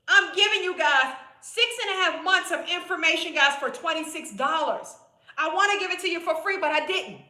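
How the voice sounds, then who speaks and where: On a live stream, a woman weight-loss coach makes a casual sales pitch, speaking to viewers in a blunt, direct, chatty, repetitive way and calling them "boo." Her very high voice has a sharp tone, lively intonation, and normal speed. The recording has a roomy echo.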